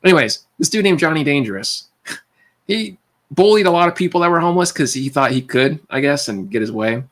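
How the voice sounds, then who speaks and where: Quick-talking guy on a livestream, rambling story, lots of tangents. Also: a little high. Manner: rambling, animated, restarts and tangents. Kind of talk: casual storytelling.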